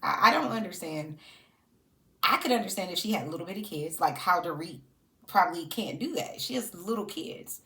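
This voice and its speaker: A sassy woman gives casual reaction commentary on reality TV. Her low-pitched voice swings widely and animatedly, and she breaks into laughter often. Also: animated, normal speed, a bit bright.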